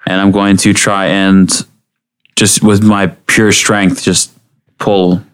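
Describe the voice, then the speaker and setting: Low-voiced, methodical male player. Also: little pitch movement, slow pace, smooth. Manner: methodical, asking questions about the scene. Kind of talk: casual play at a tabletop game.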